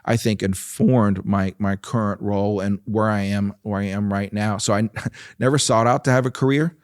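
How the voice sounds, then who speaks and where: Man in his fifties, low-set voice, chatty guest who laughs while telling stories. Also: steady tone, normal speed, clean tone, no echo, studio quality. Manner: warm storytelling with frequent laughs and fillers. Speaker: nonprofit president and guest. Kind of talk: relaxed conversational interview.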